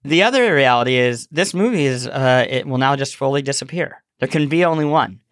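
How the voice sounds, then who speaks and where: A man with a sore throat hosting a casual podcast chat, animated and laughing, often restarting his sentences. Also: medium pitch, a little fast, clean tone, no room sound, clean studio sound. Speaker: podcast host.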